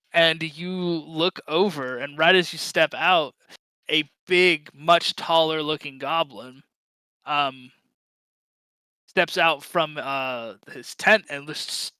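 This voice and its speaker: A man narrating as game master of a tabletop game, halting with many fillers. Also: a little high, sharp tone, clean tone, no room sound, low-quality recording.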